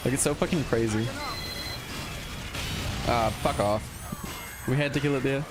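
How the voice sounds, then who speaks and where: A man's voice: medium pitch, measured pace. A young man with an Australian accent, chatting casually and swearing while playing a game, with game music behind. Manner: sweary, laughing, rambling. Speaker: gaming YouTuber. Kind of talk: casual gaming commentary.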